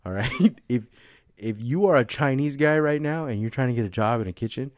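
A man in casual comedic banter, loud and combative, swearing freely and breaking into laughter. His voice sits at an ordinary middle pitch. The sound is dry and close. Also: lively intonation, brisk, no echo. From Mexico (heritage). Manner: loud, profane, laughing, argumentative. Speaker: podcast co-host.

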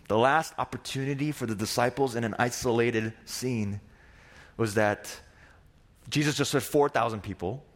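A young man preaching a sermon, telling stories dramatically and acting out the people in them. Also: mid-range voice. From Korea. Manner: dramatic, acts out voices of disciples and Jesus. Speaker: pastor.

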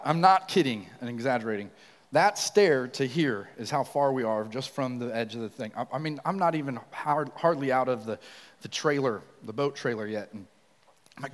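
A man preaching a sermon, telling a personal story and asking the congregation questions in an animated way. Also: fairly high pitch, long reverb tail. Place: church sanctuary.

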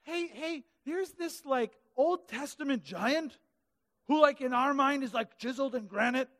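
A man preaching a sermon in a church hall, animated and comic, acting out the Bible characters in funny voices. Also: extremely high pitch, measured pace. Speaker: pastor. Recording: hall reverb.

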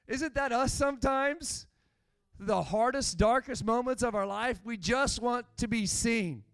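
Speaking unhurriedly in a very high, smooth voice on a dry recording, a man preaches in church as a pastor. His sermon grows more intense as he recounts stories and performs the words of the people in them.

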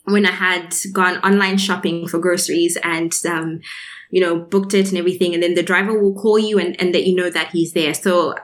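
A woman recounting experiences in casual conversation, animated, acting out quoted lines and laughing often. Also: on the low side, fairly quick. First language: grew up speaking English in a former British colony. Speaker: interview guest.

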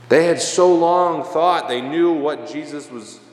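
A young male priest giving a homily, telling a self-deprecating story in a relaxed, casual way. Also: a little high, slow. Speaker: parish priest. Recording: echoey church with long reverb.

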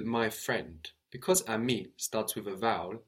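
Patient man teaching a language lesson. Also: lowish voice. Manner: explains slowly, spells out words, checks with "no?".

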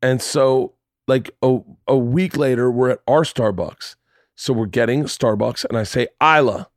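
A man's voice: medium pitch, measured pace, no room sound, studio quality. A man in his forties hosting a podcast, telling stories in casual chat, swearing freely and acting out the voices of people in his stories. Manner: animated storyteller, swears freely, acts out voices. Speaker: podcast host.

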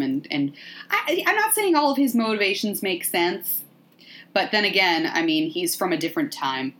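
A woman hosting a podcast, recapping a movie in a sardonic, profane, animated way. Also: fairly low pitch, normal speed. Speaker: podcast host. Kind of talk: casual movie recap chat.

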